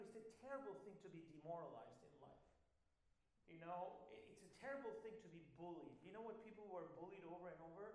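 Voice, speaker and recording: A man preaching a sermon in a loose, conversational way, retelling a story and often falling back on filler phrases. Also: high voice. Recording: very echoey room.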